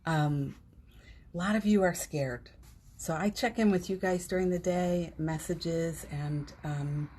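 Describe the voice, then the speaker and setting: A woman's voice: lowish voice, slow pace, a little mellow, a little hiss or hum. A woman hosting a home livestream, talking in a heartfelt, rambling way with many fillers and restarts. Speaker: livestream host. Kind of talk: casual inspirational livestream talk. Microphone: phone on a live stream.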